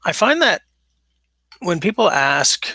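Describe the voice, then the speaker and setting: Chatty man with a gravelly voice. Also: high voice, sing-song, takes it slowly, pushed and bright. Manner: rambling, chatty, reads chat aloud. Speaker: livestream host. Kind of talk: casual livestream chat. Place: basement. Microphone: smaller mic than his usual setup.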